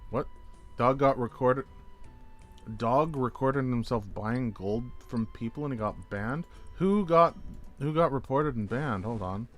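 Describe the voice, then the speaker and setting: Male game streamer, mid-pitched, chatty and jokey, faint music under him. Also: a little slow, fairly bright tone. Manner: chatty, rambling, reacts to chat messages; jokey, playful wordplay. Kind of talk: casual gameplay chat.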